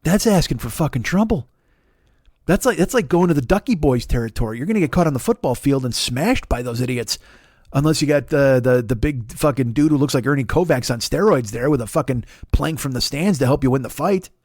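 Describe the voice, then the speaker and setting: A middle-aged man doing a rambling, profane comedy monologue as a podcast host, full of restarts and animated rants. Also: mid-range voice, brisk, dry recording, clean studio sound.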